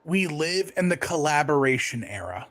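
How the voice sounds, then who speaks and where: A man in a casual podcast chat, opinionated and quick with short replies. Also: on the high side, very animated, fairly bright tone, no room sound.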